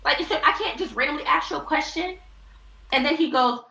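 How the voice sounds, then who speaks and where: A high, bright-edged woman rants on a live stream, rambling, heated and profane. There is grit in her voice. The echoey, dull audio sounds like a phone livestream. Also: fairly quick, creaky. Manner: heated, rambling and profane, addressing viewers as y'all. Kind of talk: emotional live-stream venting.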